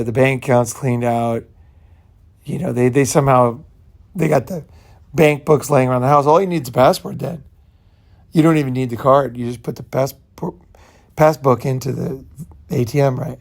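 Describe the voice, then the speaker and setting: A slightly mellow, mid-range male voice with vocal fry belongs to a channel host giving a loose, rambling monologue. He leans heavily on "you know" and "right" and talks bluntly, with the odd profanity.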